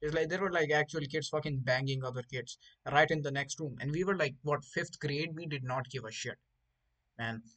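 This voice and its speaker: A man's voice: a little high, normal speed, poor audio. A young man from India, host of a casual podcast, telling crude school stories with lots of swearing and acted-out voices. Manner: profane, animated, acts out voices of others. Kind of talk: casual crude storytelling chat.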